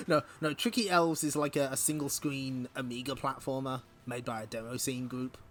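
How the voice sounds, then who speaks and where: A man's voice: medium pitch, steady tone, moderate pace, faint music behind. A man hosting a stream, giving wry, profane commentary while reading a comic aloud. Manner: wry, swears, laughs often. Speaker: streamer host. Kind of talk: casual comic read-along commentary.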